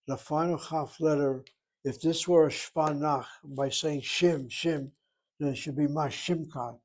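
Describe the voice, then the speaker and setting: A man teaching a Hebrew grammar lesson, sounding out words slowly and repeating them for his students. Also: fairly high pitch, a little mellow, low-quality recording.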